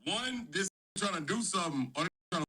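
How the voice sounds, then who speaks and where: A man's voice: high-pitched, expressive, fairly quick, pushed and bright. A man talking hesitantly in casual chat, stumbling over his words, from away from the mic. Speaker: friend on the stream. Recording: distant voice off mic.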